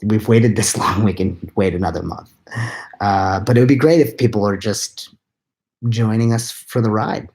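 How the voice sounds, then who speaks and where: A tired man, likely in his thirties, answering live chat questions into a laptop at home at night, keeping his voice hushed and rambling with quiet self-mocking laughs. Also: on the low side, moderate pace. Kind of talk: late-night live chat Q&A, half-whispered. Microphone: laptop mic.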